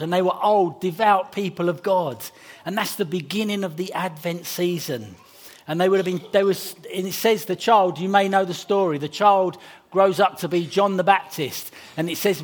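An English man gives a Christmas sermon in a church hall with a light, high voice. He keeps it chatty with little jokes, then slows right down to read the Bible passage. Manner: chatty and jokey, slowing for scripture reading. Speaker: pastor. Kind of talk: Christmas carol service sermon. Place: church hall before a congregation.

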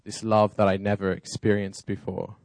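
A man with a very deep voice tells his personal testimony earnestly, like a story. The sound is dry and close, with little room echo. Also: monotone, moderate pace, a little mellow.

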